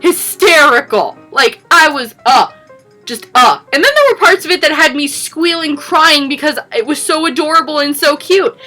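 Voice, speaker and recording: A woman's voice: high voice, lively intonation, moderate pace, pushed and bright, soft background music. A young adult woman vlogging about her favorite graphic novels, gushing and effusive, piling up superlatives. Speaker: book vlogger. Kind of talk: enthusiastic book review vlog.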